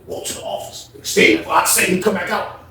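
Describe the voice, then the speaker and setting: A man telling a story in casual slang, animated and acting out the voices. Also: sits high, fairly quick, creaky, recorded from a distance, slight background noise. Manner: animated, slangy, acts out every voice. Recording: roomy echo.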